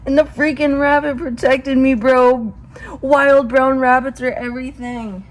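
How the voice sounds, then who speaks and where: A young woman vlogging casually outdoors, rambling and excitable, swearing casually and calling her viewers bro. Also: high-pitched, a little slow. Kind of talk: casual vlog talk to viewers. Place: outdoors at home.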